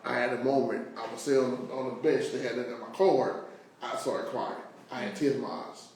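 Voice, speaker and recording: A male host chats emotionally and rambles through many fillers and restarts. His voice is mid-pitched and sits far from the mic. Heavy echo surrounds every word. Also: steady tone, a little fast, a little mellow, a little hiss or hum. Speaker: show host. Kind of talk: casual interview chat. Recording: very echoey room, voice far from mic.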